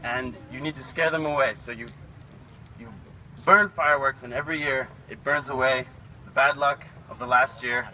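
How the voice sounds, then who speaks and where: A man's voice: mid-range voice, steady tone, moderate pace, bright, forceful tone, a little hiss or hum, poor audio. A man explaining a custom in a plain, casual way to a group. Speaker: presenter at a team event.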